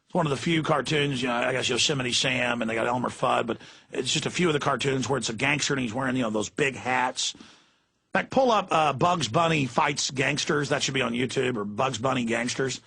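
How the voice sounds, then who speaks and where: A man's voice: medium pitch, a little fast, creaky, bright, forceful tone, husky. A middle-aged man hosting political talk radio, ranting in a fiery, emphatic way. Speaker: radio talk show host.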